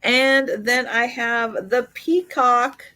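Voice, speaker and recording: A woman's voice: on the high side, fairly even intonation, pushed and bright. A woman hosting a live online sale, listing vintage items and prices one by one with fillers, her voice slightly worn. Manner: slow, item-by-item pricing with fillers.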